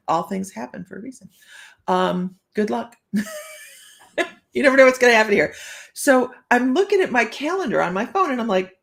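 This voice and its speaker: A woman's voice: a little high, very animated, brisk, creaky. A middle-aged woman hosting a psychic livestream, telling stories casually, laughing often and acting out the voices she quotes. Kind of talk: casual chatty livestream storytelling.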